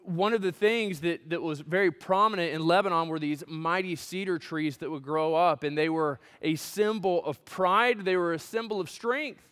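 A man preaches a sermon in a church sanctuary, his smooth, resonant voice sitting a little high for a man. He builds to loud, emphatic peaks, then drops to a hushed, almost whispered delivery. A long reverb trails after his words. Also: normal speed, few pauses. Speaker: pastor.

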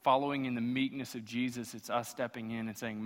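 A man's voice: medium pitch, steady tone, a little fast. Man preaching in a reverberant hall. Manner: impassioned, rhetorical preaching with repetition. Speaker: pastor. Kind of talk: sermon.

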